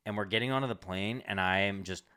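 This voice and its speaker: Low-voiced young man rambling through a story. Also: fast, bright, forceful tone, smooth. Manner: rambling, swearing, lots of "like". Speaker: comedian podcast co-host. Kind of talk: casual storytelling chat.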